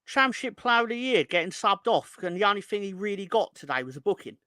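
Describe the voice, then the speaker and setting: This fan channel host is a young man whose high-pitched, expressive voice moves quickly with a sharp edge, captured in clean studio sound without echo. Between reading chat greetings, he swears and vents in exasperation that builds into angry outbursts.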